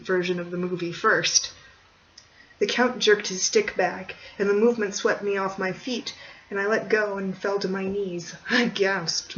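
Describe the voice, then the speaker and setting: Measured storyteller on a dull distant mic. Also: medium pitch, fairly bright tone. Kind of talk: scripted narration of a horror short story. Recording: dull distant recording, faint hiss.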